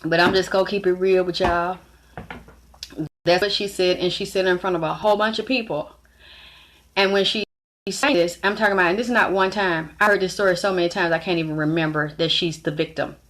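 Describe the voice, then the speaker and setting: A woman's voice: fairly low pitch, steady tone, a little fast, a bit bright. A middle-aged woman vlogger telling a personal story to her viewers, blunt and frank, talking straight to them. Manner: blunt, frank, acts out others' lines in shifted voices.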